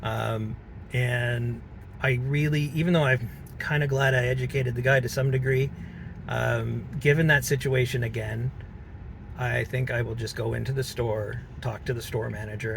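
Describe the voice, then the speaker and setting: A man vlogging from inside a car, with a gravelly, fry-edged voice. He talks earnestly and haltingly, pausing on fillers as he reflects. A faint vehicle hum sits under his voice. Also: medium pitch, level tone. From Canada. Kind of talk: reflective personal vlog.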